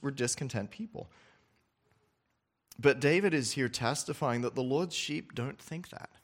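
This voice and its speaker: A man's voice: medium pitch, fairly bright tone. Conversational male preacher. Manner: conversational, checks in with frequent tag questions; repeats words as he restarts phrases. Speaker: pastor. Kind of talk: sermon.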